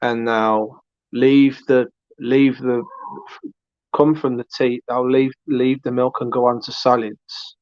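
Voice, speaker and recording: Slow-talking man, chatty stream host. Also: medium pitch, level tone, darkish tone, no room sound. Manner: chatty, rambling, addresses viewers by name. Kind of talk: casual live-stream chat. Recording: dull lo-fi stream audio.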